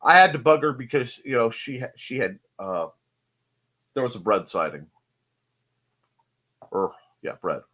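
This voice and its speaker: A man's voice: medium pitch, sing-song, unhurried, long pauses, a bit bright. A man hosting a casual live stream from his home desk, rambling and joking and greeting people in the chat. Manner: rambling, jokey, greets chatters.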